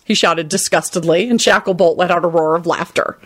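A woman reading a fan story aloud with expressive, brisk storytelling. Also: fairly low pitch. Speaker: reader.

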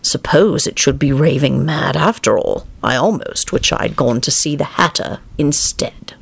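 A man's voice: on the high side, expressive, a little slow, gravelly, a bit bright, husky, heavily acted. A dad doing a curious polite little girl. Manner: polite, questioning.

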